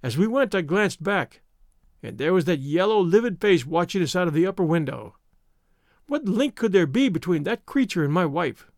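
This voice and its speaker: A man narrating a story in the first person with an expressive, theatrical delivery. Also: sits high, moderate pace, no room sound, studio quality. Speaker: audiobook narrator.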